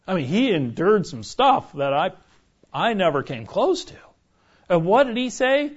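A man preaching in a relaxed, conversational way, often tossing "right?" back at his listeners. His voice sits a little high for a man. The recording sounds dull and lo-fi. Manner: chatty, keeps asking the room "right?". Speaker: pastor teaching a Bible study. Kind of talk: conversational sermon.

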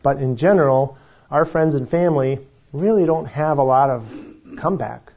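A man leading a Bible study in a relaxed, conversational way, often correcting himself and chuckling. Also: medium pitch, moderate pace. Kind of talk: informal Bible teaching. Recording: dull lo-fi recording.

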